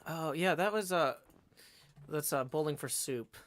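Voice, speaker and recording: A man's voice: a little high, measured pace. A man hosting a live stream in casual chat, rambling with many fillers and restarts. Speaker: streamer host. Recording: loud guitar music behind.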